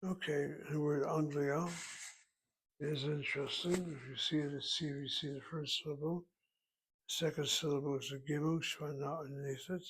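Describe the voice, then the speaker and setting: A man giving a recorded Hebrew grammar lesson, walking through words slowly and methodically, thinking aloud as he goes. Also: fairly high pitch, fairly even intonation, fairly bright tone, husky, rough recording. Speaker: Hebrew teacher.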